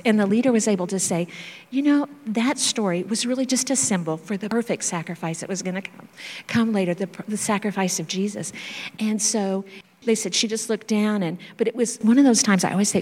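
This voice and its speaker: A woman missionary sharing stories in a church talk, animated and acting out children's voices. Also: medium pitch, a little fast. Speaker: missionary speaker. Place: church sanctuary. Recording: reverberant church hall.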